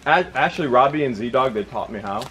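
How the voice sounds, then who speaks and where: A man's voice: medium pitch, fairly quick, a little hiss or hum, low-quality recording. A man chatting outdoors at an animal ranch, eagerly giving tips to the others. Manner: excitedly gives tips. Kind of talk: casual chat. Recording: loud crowd of voices around.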